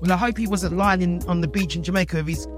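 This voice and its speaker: A woman's voice: fairly low pitch, fairly even intonation, quick pace. London woman chatting, faint music behind. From England. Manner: exclamatory, calls people girl and boy. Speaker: podcast co-host. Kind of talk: casual chat.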